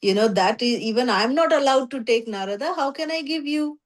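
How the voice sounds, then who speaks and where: A motherly goddess, tender yet firm in her refusal, spoken by a woman narrator in her own voice. Steady and plain. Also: sits high, a little fast.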